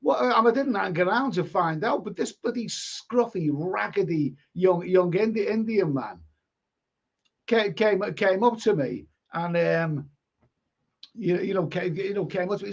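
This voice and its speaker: An older man with a Liverpool accent, his voice sitting fairly high, hosts a live stream and reads out viewer comments. He rambles, repeats words and swears in a blunt, casual way. The sound is dull and lo-fi. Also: a little slow, vocal fry, slightly rough. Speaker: live stream host reading chat. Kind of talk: casual chat.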